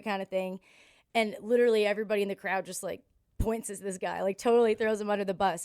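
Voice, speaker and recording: A woman's voice: mid-range voice, fast, no echo, studio quality. Candid, salty Canadian woman telling stories. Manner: candid, profane, animated in quoted dialogue. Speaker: country singer, podcast guest. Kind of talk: casual storytelling interview.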